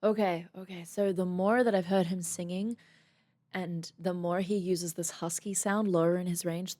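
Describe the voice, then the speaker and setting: A woman's voice: lowish voice, steady tone, normal speed, mellow. A woman voice coach giving a casual reaction commentary. She is friendly and explains vocal technique in analytical detail.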